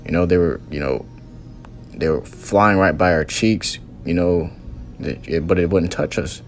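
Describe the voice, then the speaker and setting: A man's voice: low-pitched, unhurried, soft background music. A man earnestly recounting a religious vision as a testimony, in loose storytelling with many fillers.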